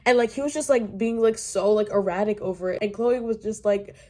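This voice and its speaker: A woman chatting casually on her vlog about a romance book, animated and talkative, full of fillers and exasperated asides. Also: mid-range voice, brisk. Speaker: book vlogger. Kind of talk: casual book review chat.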